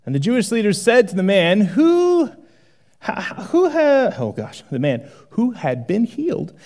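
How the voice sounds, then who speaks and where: A man with a high-pitched voice preaches a sermon at an unhurried pace. He's a pastor with a conversational, animated style, swinging from loud exclamations to hushed asides.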